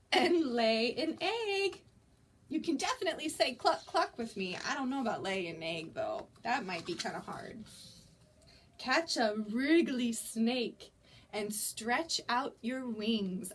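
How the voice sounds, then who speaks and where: Young librarian lady doing toddler story time, high bouncy voice, slow, sing-songy, a bit of background hiss. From United States. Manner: sing-song, animated, coaxing children to join in. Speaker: children's librarian.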